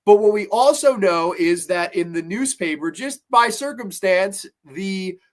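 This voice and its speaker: A man's voice: high voice, animated, measured pace. A man giving a casual, rambling, enthusiastic horror film review with some swearing.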